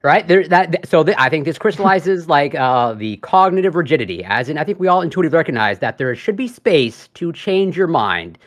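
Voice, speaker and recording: Animated man debating on a stream. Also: a little high, brisk, hardly any pauses, highs cut off. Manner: hesitant, self-correcting, laughing interjections.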